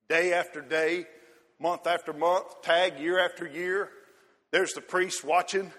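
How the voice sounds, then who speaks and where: A man's voice: high-pitched, a bit bright. A man preaching a sermon in a rhythmic, repetitive way, calling out listeners by name. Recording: long reverb of a hall.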